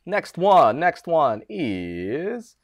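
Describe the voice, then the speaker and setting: Lively-voiced man hosting a live stream. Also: fairly high pitch, drawn-out words, highs cut off. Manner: chatty, reads out names. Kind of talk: casual live-stream chat.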